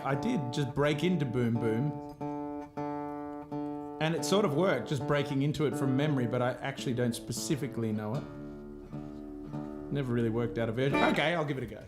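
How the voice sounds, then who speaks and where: A man, a musician chatting casually and laughing as he hosts a live stream. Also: fairly high pitch. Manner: relaxed, chatty, laughs often. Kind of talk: casual chat between songs.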